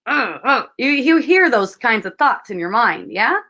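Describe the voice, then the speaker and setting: A woman with a somewhat high voice guides listeners through relationship advice in an online session. She talks gently and thoughtfully and circles back over her own phrases. The audio is dull and muffled. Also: big pitch swings, unhurried. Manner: gentle, reflective, repeats phrases. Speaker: spiritual teacher. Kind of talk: online wisdom dialogue, advising.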